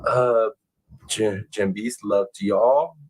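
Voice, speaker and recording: Excitable man hosting a true crime livestream. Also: slow pace, low-quality recording. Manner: excitable, swears, bursts into high-pitched exclamations. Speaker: livestream host. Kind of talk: casual live chat reading comments.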